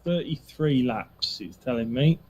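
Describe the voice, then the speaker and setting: A man's voice: mid-range voice, unhurried. A man racing and chatting on a voice call, teasing and offhand. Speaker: racer and co-commentator. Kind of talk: casual chat while racing. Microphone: gaming mic on a voice call.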